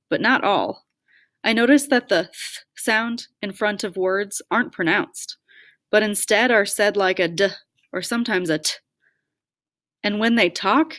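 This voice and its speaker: A woman's voice: mid-range voice, fairly bright tone, no room sound, clean studio sound. A woman reading a first-person audiobook with a wry, self-deprecating way of telling it. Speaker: audiobook narrator.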